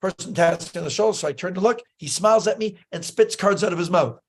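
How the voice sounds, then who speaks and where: A man's voice: high-pitched, fast talker. A man in casual chat, telling travel stories as a magician, acting out quoted lines with many fillers and restarts.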